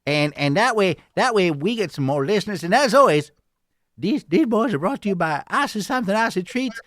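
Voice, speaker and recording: A man's voice: high-pitched, lively intonation, a little fast, fairly bright tone, no echo, clean studio sound. A man putting on a hokey Southern country announcer. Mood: folksy. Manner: drawling, hokey, rambling, addresses "boys and girls". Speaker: show introducer.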